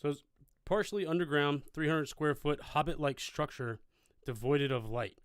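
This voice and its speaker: A man's voice: a little high, normal speed, smooth, no room sound. A man co-hosting a casual podcast, chatting and reading out details in a dry way. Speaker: podcast co-host. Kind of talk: casual chat.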